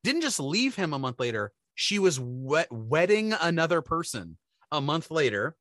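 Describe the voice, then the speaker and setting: Male comedy-radio host, rambling storyteller, lively pitch, dry studio mic. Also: moderate pace, dry recording. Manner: rambling, animated storytelling with put-on voices.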